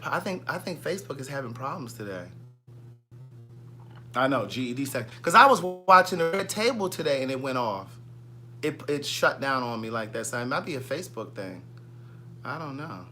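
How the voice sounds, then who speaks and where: A man with a Southern US accent hosting a casual livestream, chatting in a gossipy, animated way and reading viewer comments aloud. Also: medium pitch. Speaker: livestream host.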